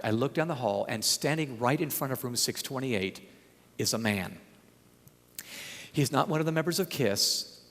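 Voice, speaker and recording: Male conference speaker, mid-range voice, animated comic storyteller, long hall reverb. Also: medium pitch. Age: young adult. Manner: animated, humorous storytelling with laughs. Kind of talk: storytelling talk.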